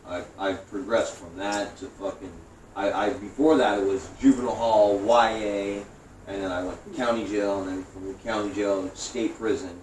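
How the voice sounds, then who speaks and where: A man in his forties from New York tells his story in a lowish, profane, animated voice. The room gives it a roomy echo, and the mic sits some distance away. A faint hiss runs underneath. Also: moderate pace. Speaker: guest. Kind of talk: storytelling interview.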